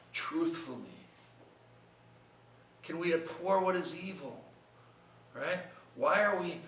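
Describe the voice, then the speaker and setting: Preacher guy talking earnestly, bright voice, mic a ways off in an echoey room. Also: on the high side, recorded from a distance, slight background noise. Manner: earnest, conversational preaching with rhetorical questions. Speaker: pastor. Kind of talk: short devotional sermon.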